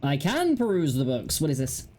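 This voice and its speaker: Woman gaming host, low and mellow, lively, giggly let's-play chatter. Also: moderate pace. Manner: chatty, giggly, wry asides to herself. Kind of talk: casual let's-play commentary.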